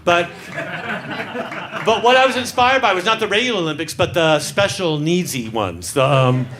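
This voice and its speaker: A San Francisco man performs stand-up in a comedy club, campily teasing the crowd and restarting his lines often, while the audience laughs in the live recording. His voice sits high and a bit bright, with lively intonation at a normal speed.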